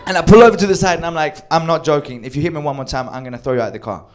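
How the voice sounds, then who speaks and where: A man telling a wild personal story with animated delivery, acting out quoted lines and swearing freely. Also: a little high, racing. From Sweden. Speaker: storyteller on a comedy show. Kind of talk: live comedic storytelling.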